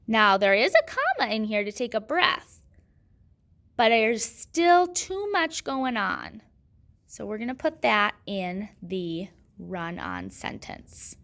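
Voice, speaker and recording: A woman's voice: medium pitch, huge pitch swings, slow pace, vocal fry, fairly bright tone. A woman teaching a grammar lesson, patiently asking questions and answering them herself.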